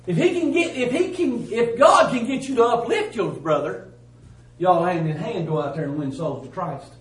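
Man preaching, folksy and emphatic, higher voice, echoey church, mic at a distance. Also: expressive, normal speed. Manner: folksy, emphatic, swings from loud to hushed. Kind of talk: sermon. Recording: roomy church sound from a distance.

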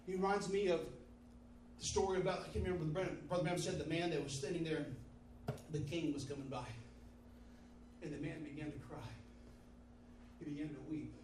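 A man's voice: on the high side, steady tone, brisk, pauses often, a little mellow, a little hiss or hum. A man preaching a fervent sermon, repeating phrases in call-and-response style. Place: church sanctuary. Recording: roomy, distant mic in a hall.

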